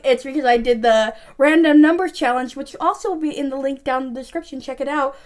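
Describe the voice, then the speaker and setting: High-voiced chatty young woman vlogger. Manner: chatty, rambling, many fillers. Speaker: beauty vlogger. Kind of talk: casual makeup review.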